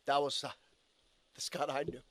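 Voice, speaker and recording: High-voiced man giving an earnest eulogy. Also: level tone, normal speed, fairly bright tone, no room sound. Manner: earnest storytelling with quoted asides. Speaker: eulogy speaker, colleague. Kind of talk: memorial eulogy. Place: funeral home chapel.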